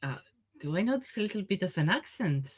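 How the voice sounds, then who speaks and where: A woman's voice: mid-range voice, very animated, fast, husky, no room sound. A woman playing a tabletop game, chatting enthusiastically. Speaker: player. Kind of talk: tabletop role-play chat.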